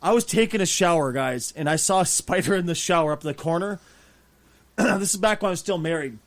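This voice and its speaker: A man hosting a podcast, telling a story in loud, animated, profane banter. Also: high-pitched, fairly quick. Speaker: podcast host.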